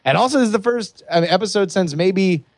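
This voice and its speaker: Excited rambling man, dry close sound. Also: sits high, fast talker, dry recording. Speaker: podcast co-host. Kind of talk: casual chat.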